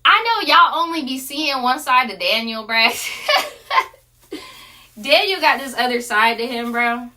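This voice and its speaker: A woman's voice: high-pitched, animated, a little slow, sharp tone. A young woman, telling a casual story full of profane slang. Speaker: streamer.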